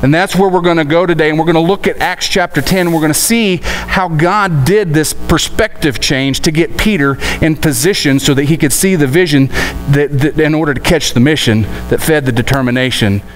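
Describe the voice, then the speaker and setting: Folksy, higher-voiced male preacher. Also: brisk, soft background music, poor audio. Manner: folksy, animated, acts out quoted voices. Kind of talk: sermon.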